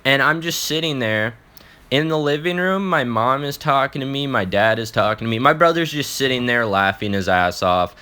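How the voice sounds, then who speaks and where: A man's voice: mid-range voice, expressive, normal speed, bright, forceful tone, clear, resonant tone. A young man telling an embarrassing personal story in a casual, profane vlog, often restarting his sentences.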